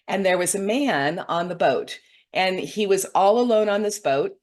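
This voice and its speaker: A woman's voice: mid-range voice, lively intonation, normal speed, darkish tone. A woman hosting her own reading show, earnestly recounting a meditation vision to her viewers in a meandering, heartfelt way, often checking in with "okay?" and "right?". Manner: heartfelt, openly moved. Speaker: intuitive reader hosting a weekly show.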